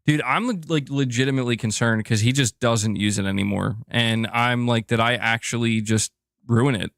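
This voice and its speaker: A man's voice: medium pitch, moderate pace, creaky, fairly bright tone, no echo, studio quality. A young man hosting a casual gaming livestream, bantering playfully with his cat and reading viewer chats aloud. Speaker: gaming news streamer.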